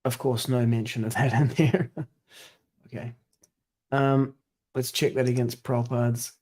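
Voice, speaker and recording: A man reads a scripture commentary aloud in a measured voice. Then he slips into relaxed editing talk, stopping often to weigh a word or how to say it. His pitch sits in an ordinary middle range. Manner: careful, pauses to check wording and pronunciation. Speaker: scripture reader and editor.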